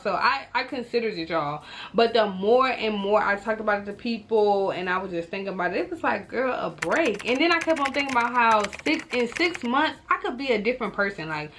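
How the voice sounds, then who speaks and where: Animated young woman telling a storytime. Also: mid-range voice. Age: young adult. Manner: animated, talks straight to viewers, acts out her own reactions. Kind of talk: casual storytime vlog.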